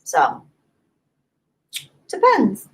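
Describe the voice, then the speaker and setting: A woman's voice: mid-range voice, wildly swooping pitch, extremely slow. A woman hosting a YouTube livestream, chatting casually and reading out viewer comments before answering them.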